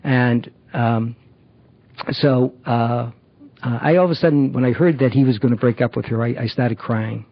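A middle-aged man giving a halting personal testimony about recovery, full of fillers and restarts. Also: medium pitch, steady tone, dry recording, dull audio. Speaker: recovery program member.

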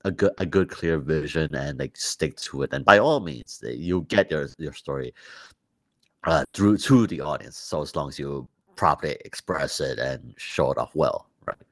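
A man with an extremely deep, low voice chats on a gaming podcast. He agrees easily and leans on lots of fillers as he talks. The sound is dry and close. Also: animated, moderate pace, no room sound. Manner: agreeable, filler-heavy with many "like"s. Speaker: podcast co-host. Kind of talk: casual gaming podcast chat.

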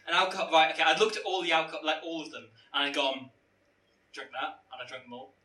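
Young man, bright and sharp tone, a little high, rambling comic storyteller, echoey room, mic at a distance. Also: very fast. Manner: rambling, self-mocking, stumbling over words for comic effect. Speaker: podcast co-host. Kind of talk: comedic storytelling among friends.

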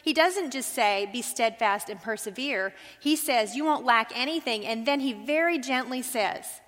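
A woman's voice: on the high side, normal speed, few pauses, fairly bright tone. A woman teaching a Bible study to a group, earnest, asking them questions as she goes. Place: large hall with a group. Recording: long hall reverb.

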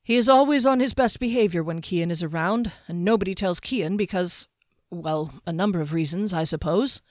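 A gentle, hesitant young knight with a strict sense of honor, as a female audiobook reader voices him. He speaks slowly and carefully, in a dry, close sound. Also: lowish voice, no room sound, lightly acted. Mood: rueful. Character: earnest, chivalrous young knight man.

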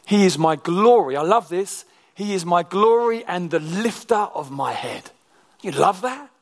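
Male preacher, high voice, sermon with hushed, intense drops. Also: a little slow. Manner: shifts from animated to hushed, near-whispered intensity.

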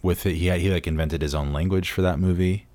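A man with a very low voice chats about films on a podcast. He rambles eagerly and piles on fillers. The sound is close and dry. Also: fairly even intonation, fast talker, a little mellow, no room sound. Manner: rambling, eager, full of "like" and "you know". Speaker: podcast co-host. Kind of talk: casual movie chat.

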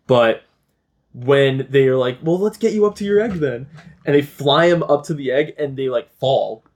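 A man's voice: medium pitch, moderate pace, a little mellow. A young man hosting a podcast, retelling a film plot in casual chat, swearing and laughing often. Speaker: podcast host.

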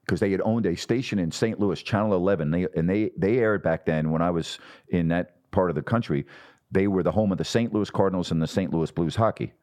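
A middle-aged sports broadcaster, guesting on a podcast, recounts stories from his career in a low, brisk voice. He's an animated storyteller who acts out the people he quotes.

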